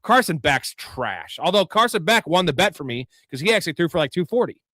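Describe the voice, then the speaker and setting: A man's voice: fairly high pitch, sing-song, brisk, bright, forceful tone, no room sound. A man hosting a live sports stream, chatting casually about bets, swearing freely and greeting viewers. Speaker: host.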